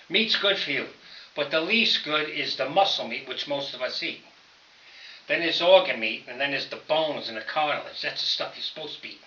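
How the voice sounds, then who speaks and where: An older man talks loosely and folksily to his viewers about training and eating right, voice bright and a bit sharp. He sits back from the camera in an echoey room, and the sound comes through dull and lo-fi. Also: mid-range voice, slight background noise. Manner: rambling, folksy, talks straight to viewers as fellas. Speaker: home powerlifting vlogger. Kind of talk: casual talk to camera while training. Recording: roomy, distant, dull camera audio.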